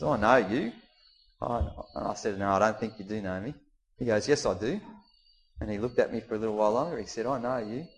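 An Australian man preaching a sermon in a mid-range voice. He tells the story in an animated way, acting out the figures' lines and pushing his voice up high for the worried questions. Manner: animated, voices the disciples and Jesus with rising pitch. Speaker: pastor.

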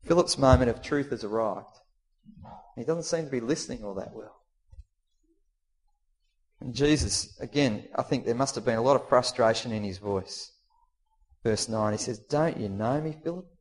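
An Australian man preaching a sermon in a mid-range voice. He tells the story in an animated way, acting out the figures' lines and pushing his voice up high for the worried questions. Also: normal speed, pauses often. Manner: animated, voices the disciples and Jesus with rising pitch. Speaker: pastor.

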